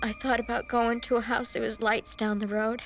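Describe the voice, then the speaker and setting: An actress narrating as a shaken young woman recalling a night of killings, in a hushed, halting way. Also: a little high, flat delivery, over music, close to an everyday voice. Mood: haunted. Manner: halting, hushed, haunted recollection. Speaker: narrator recounting events as a former cult member. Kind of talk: dramatized documentary testimony.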